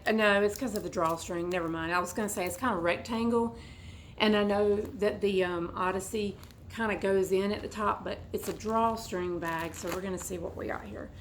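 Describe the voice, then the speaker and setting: Hoarse chatty woman with a froggy voice. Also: mid-range voice, a little hiss or hum, poor audio. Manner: rambling, chatty, goes off on tangents. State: hoarse, congested, coughing. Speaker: vlogger unboxing a bag. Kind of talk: casual unboxing chat. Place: at home indoors.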